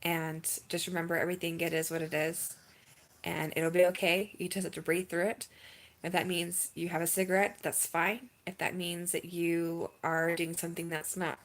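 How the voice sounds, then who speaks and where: A young woman vlogging to camera in a candid, chatty way, moving from earnest advice to bursts of excitement and near tears. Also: on the low side. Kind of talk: casual talk to camera.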